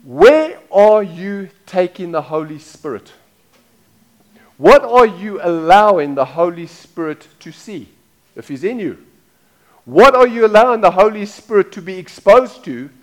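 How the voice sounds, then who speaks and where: A middle-aged pastor preaches a sermon in a casual manner, repeating phrases and putting questions to the congregation. His voice sits high.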